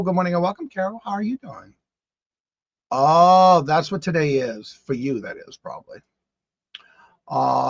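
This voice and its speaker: A man with a high voice hosts a casual morning live stream, greeting each chat viewer with the same sing-song welcome. The sound is dry and close, a little dull and lo-fi. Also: dry recording. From Massachusetts.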